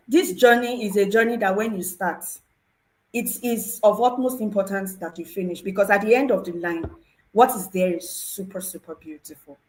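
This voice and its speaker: A woman speaking at an ordinary middle pitch, sharing her personal testimony on a talk show panel. She tells her story earnestly and with open emotion, and her voice swells and softens as she talks. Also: moderate pace, low-quality recording. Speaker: program participant sharing testimony.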